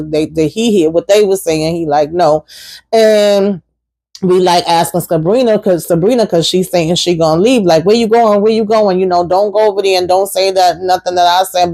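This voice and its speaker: A woman hosting a casual TV episode recap, talking in an animated, sassy way and swearing offhandedly. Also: fairly low pitch, no echo, poor audio.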